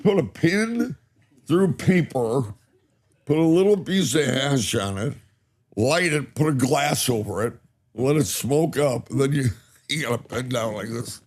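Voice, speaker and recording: Older male guest, animated raconteur, slow and swooping delivery. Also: mid-range voice, husky. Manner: animated storyteller who laughs often. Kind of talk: casual storytelling chat. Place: cannabis company campus studio.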